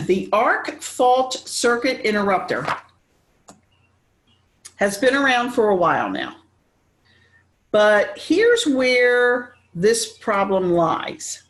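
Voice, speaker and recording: A woman teaches a real estate class. Her pitch swings widely as she explains, and she slips into acted-out snippets of conversation to make her point. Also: reverberant. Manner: animated, acts out dialogue in quick asides. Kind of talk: classroom lecture.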